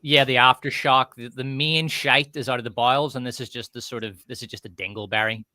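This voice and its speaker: A man's voice: medium pitch, fairly even intonation, a little fast, bright, forceful tone, no room sound. A man speaking as a guest on a livestream, crude and mocking in his remarks. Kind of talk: casual livestream chat.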